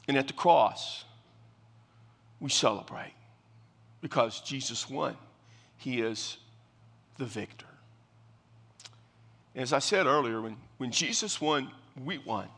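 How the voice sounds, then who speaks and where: A man's voice: medium pitch, a bit bright, husky. A man preaching a sermon as pastor, earnest and emphatic, often repeating his phrases. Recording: long reverb of a large hall.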